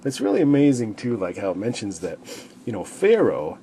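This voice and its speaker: A man's voice: fairly low pitch, big pitch swings, fairly quick, dark tone, a little hiss or hum. A man sharing casual, rambling thoughts on a Bible chapter, filling with "you know" and acting out the quoted lines with sudden bursts. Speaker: Bible study speaker.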